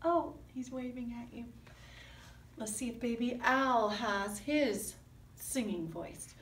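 A woman's voice: on the high side, slow. A woman teaching a kindergarten music class with puppets, coaxing children with sing-song questions. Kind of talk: online music lesson with puppets. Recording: roomy sound from a distant mic.

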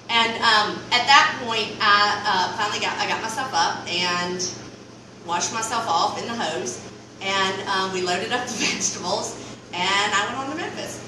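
A middle-aged woman with a Southern American accent, telling a comic story to a live audience in an animated, rambling way and acting out the dialogue. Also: medium pitch, normal speed. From Mississippi Delta, US. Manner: animated, rambling, acts out dialogue with big swings. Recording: far-off, very echoey room with noise.

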